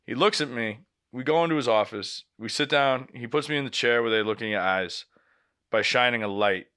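A young man on a podcast recounts a story in a casual, animated way. His voice is bright and forceful at a middle pitch. He swears freely and keeps acting out what everyone said. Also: fairly quick, clean tone. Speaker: podcast host.

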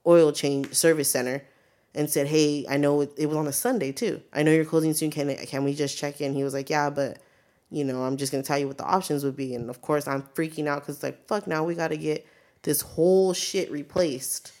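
Low-voiced profane young woman co-host. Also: a little fast. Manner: profane, animated storyteller acting out quotes. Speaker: podcast co-host. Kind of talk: casual chat.

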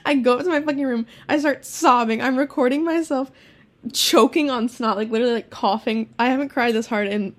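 A teenage girl chatting casually as a podcast co-host, telling stories quickly with lots of swearing and laughter. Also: a little high. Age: teens. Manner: fast, profane storytelling with laughs. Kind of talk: casual chat.

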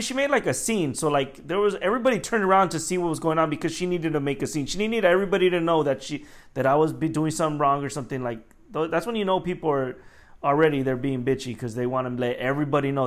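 A young adult man, a store manager, casually telling work stories in an animated way, acting out the people he quotes with a raised voice and swearing freely. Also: a little high. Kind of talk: casual storytelling vlog.

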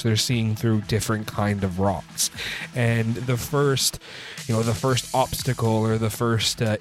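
A man with a fairly low voice talks through a film's plot as a casual review host. He rambles, backtracks and leans on filler words. Faint music sits underneath. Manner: sipping a drink while recording. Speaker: movie review podcast host.

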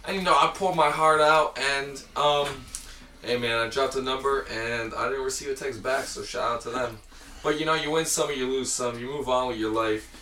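Brash young man, bright and off-mic. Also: mid-range voice, moderate pace, distant mic, a little hiss or hum. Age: 20s. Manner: brash, swearing, boastful trash talk. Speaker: podcast co-host. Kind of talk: casual chat. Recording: roomy echo, off-mic.

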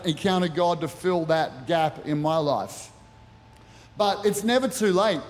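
A middle-aged man preaching as a pastor at a church service, earnest and personal with touches of light humor. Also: high-pitched. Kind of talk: sermon. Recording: reverberant church hall.

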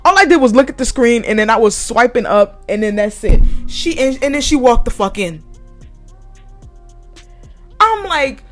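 A woman's voice: mid-range voice, lively intonation, fairly quick, soft background music. Podcast host, young woman, casual profane storytelling rant, mid-range voice. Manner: profane, heated and blunt, with laughs.

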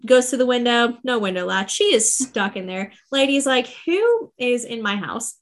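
Animated young woman recapping a book. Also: a little high. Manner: animated, slangy storytelling with quick character asides. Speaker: podcast co-host. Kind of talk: casual book recap chat.

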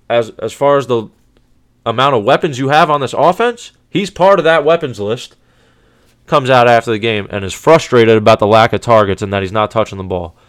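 A man's voice: mid-range voice, fairly bright tone. A man hosting a sports podcast, ranting in a heated, profane, exasperated way, with many restarts. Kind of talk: casual sports rant.

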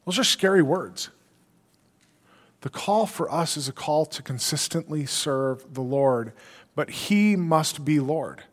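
A man's voice: fairly high pitch, lively intonation, takes it slowly. Man preaching in an echoey hall. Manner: earnest preaching, quoting scripture, rhetorical questions. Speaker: pastor. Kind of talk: sermon.

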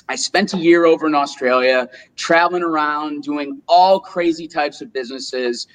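Twenties male guest from upstate New York, slightly high voice, lively casual storyteller. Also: low-quality recording. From Rochester, New York, US. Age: 20s. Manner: animated storyteller, acts out quotes. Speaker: guest, solar business owner.

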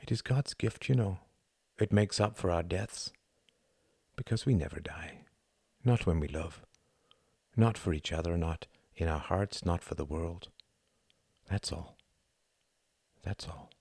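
A gruff but loving older housemaid speaks in a storybook reading, plain-spoken and gently scolding, as a man reads her lines. The voice is deep and close, with no room around it. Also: moderate pace, dry recording. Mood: soft. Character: warm older woman servant, gruff and loving.

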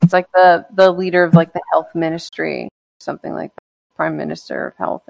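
A woman's voice: low voice, level tone, a little fast, gravelly, a little mellow, dry recording. A young woman co-hosting a podcast, telling a rambling, profane story in casual chat. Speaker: podcast co-host.

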